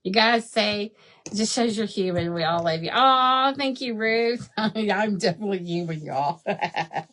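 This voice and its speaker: A woman's voice: medium pitch, animated, a little slow, a bit bright, slight background noise. A woman hosting a craft livestream, chatting casually, laughing often and answering viewers by name. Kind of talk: casual live chat while crafting.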